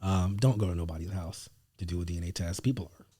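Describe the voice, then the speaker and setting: A man's voice: low voice, fast, slightly rough. A man talking casually as a podcast guest about his business, rambling with lots of fillers. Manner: relaxed, rambling, many fillers. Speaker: guest, paternity testing business owner. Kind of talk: casual interview talk.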